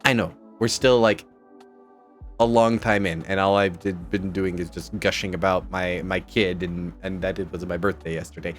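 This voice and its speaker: A man chatting casually on a home live stream, rambling and excitable as he jumps from topic to topic. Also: sits low, normal speed, faint music behind. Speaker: VTuber streamer.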